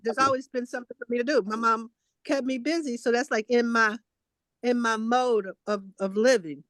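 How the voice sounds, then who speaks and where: A woman co-hosting a casual chat, telling childhood stories in a talkative way with animated quotes. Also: a little high, moderate pace, no room sound. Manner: chatty storytelling, animated quoting. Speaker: co-host.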